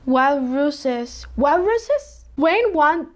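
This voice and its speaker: High-voiced Mexican woman stumbling through twisters. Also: sing-song, extremely slow. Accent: Mexican Spanish. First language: Spanish. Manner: stumbling, self-correcting, giggly. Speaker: vlogger. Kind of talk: casual tongue-twister attempts.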